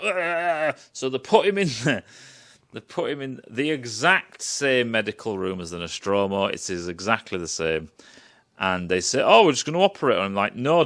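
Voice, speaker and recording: A man's voice: medium pitch, fairly bright tone. A man giving a casual, rambling and scornful review, swearing often and restarting his sentences. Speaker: TV critic.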